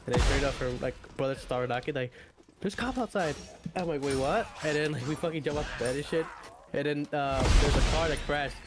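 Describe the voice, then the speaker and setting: Rambling young man spinning a wild story over voice chat, cursing freely and filling every gap with "like". Game music plays behind him in a clear, steady layer. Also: on the high side, fairly quick. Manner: rambling, profane, full of "like". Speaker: gamer telling a story. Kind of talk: casual chat over voice call while gaming.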